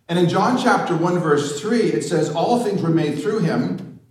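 A man preaching a sermon, putting rhetorical questions to the congregation and slowing down for emphasis. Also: high voice, expressive, darkish tone. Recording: echoey room, mic at a distance.

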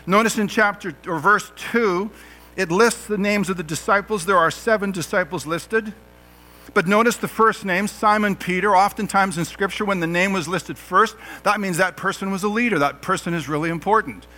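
A middle-aged man preaching with a high, bright, forceful voice. He keeps it conversational, asking rhetorical questions and slipping in jokes. Soft music plays faintly behind him. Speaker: pastor. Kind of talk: sermon.

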